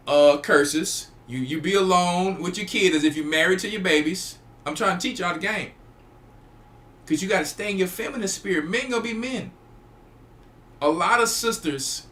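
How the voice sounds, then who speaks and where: A man's voice: high-pitched, sharp tone. A man, a church elder hosting a show, preaching emphatically and repeating phrases. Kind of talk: preaching talk to a live audience.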